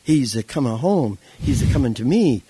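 A man voicing an old male preacher, speaking halting, broken English in a tender, pleading way. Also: mid-range voice, sing-song, warm tone, slightly rough, dry recording, pitched above the performer's own voice. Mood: joyful.

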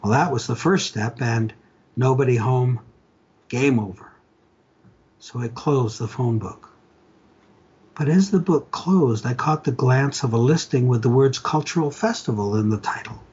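Older man reading his stories, husky. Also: mid-range voice, unhurried, highs cut off. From Ontario, Canada. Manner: animated storyteller, acts out dialogue. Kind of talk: reading aloud, storytelling.

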